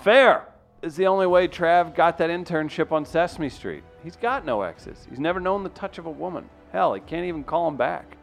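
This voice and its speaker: A man's voice: a little high, moderate pace, gravelly, faint music behind. Joking male comedy show host. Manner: joking, roasting. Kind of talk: casual comedy show banter.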